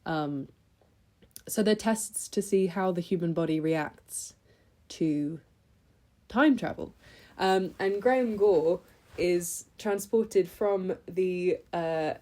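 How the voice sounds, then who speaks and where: Speaking slowly in a lowish, warm voice, a young woman runs through the books she read in a chatty, excited vlog. As a book vlogger doing casual review talk, she uses lots of ums and restarts.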